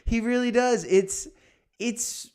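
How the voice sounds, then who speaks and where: A man hosting a casual livestream, talking in an animated, emphatic way that repeats phrases. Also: extremely high pitch, slow pace, clean tone. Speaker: livestream host.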